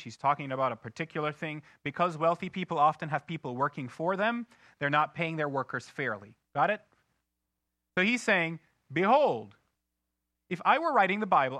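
Man, pastor, sermon, animated, bright tone, dry close sound. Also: on the high side, no room sound. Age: adult, married. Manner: animated, swings from loud outbursts to hushed, drawn-out emphasis.

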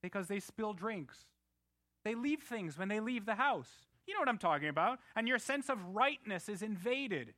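A man's voice: high voice, big pitch swings, moderate pace, pushed and bright, no room sound. A man in his thirties, a pastor preaching a sermon in a conversational way, telling personal stories and asking the congregation questions.

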